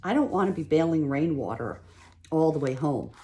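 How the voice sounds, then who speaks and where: A woman reading a storybook aloud at home, voicing a hurried grown man who teases his mother in a quick, light way. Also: a little high, lively intonation, mellow, close to an everyday voice. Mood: teasing.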